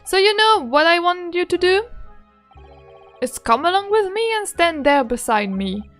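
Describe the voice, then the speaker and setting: A woman's voice: very high-pitched, big pitch swings, measured pace, soft background music, voice pushed up, heavily acted. Magnus, a woman doing a boastful rich tycoon. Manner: bragging, loud, folksy put-on Irish lilt. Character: boastful rich older man, blustering tycoon. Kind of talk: voicing game characters in a playthrough.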